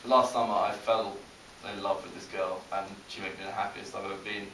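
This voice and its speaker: Young British man doing halting stand-up. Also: on the low side, little pitch movement. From Britain. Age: young adult. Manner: halting, self-deprecating delivery with many restarts. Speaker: stand-up comic. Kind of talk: stand-up comedy set. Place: college comedy show with a live audience. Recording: echoey, distant, hissy live recording.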